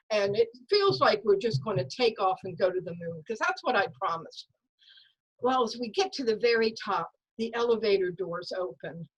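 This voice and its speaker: A woman telling a personal story at a story slam over a video call, in a lively, dramatic way. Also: medium pitch, low-quality recording. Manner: lively, dramatic storytelling that acts out voices and sounds.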